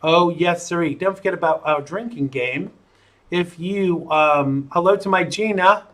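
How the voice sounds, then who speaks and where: Man, live talk show host, playful and jokey, slow unhurried delivery. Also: sits high, a bit bright. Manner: playful, jokey, self-amused.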